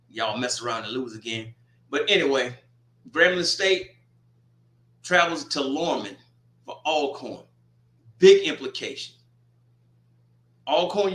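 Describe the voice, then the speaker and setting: A man hosting a casual college football preview, animated and talking straight to teams and viewers. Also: fairly high pitch. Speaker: sports show host. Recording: echoey room.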